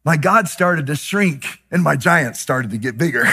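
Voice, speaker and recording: A man preaching a sermon with passion, moving from hushed, slow lines to loud, shouted declarations. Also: on the high side, expressive, creaky, husky. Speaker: pastor.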